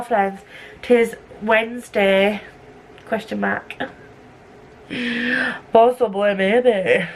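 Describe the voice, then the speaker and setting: Young woman, casual book vlogger, rambling and self-deprecating, middling pitch, camera mic with a touch of noise. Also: fairly bright tone. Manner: rambling, self-mocking, goes off on tangents. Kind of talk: casual vlog chat. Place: home room at night.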